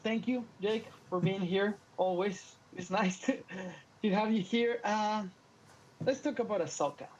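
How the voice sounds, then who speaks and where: A man's voice: high-pitched, unhurried, muffled recording, slight background noise. Playful Latino man with a Spanish accent. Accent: Latin American Spanish. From Latin America. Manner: animated, playful, joking. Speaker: podcast co-host. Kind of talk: casual podcast chat.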